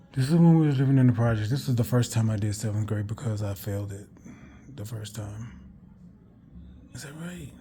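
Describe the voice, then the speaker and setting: A man's voice: lowish voice, mellow. A man vlogging a candid personal story in a rambling, frank way, correcting himself and swearing casually.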